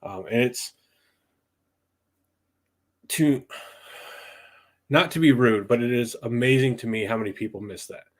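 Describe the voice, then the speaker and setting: A man's voice: medium pitch, measured pace, long pauses. A young man from the southeastern United States chatting casually on a livestream podcast, thinking aloud with lots of ums and restarts. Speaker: podcast host.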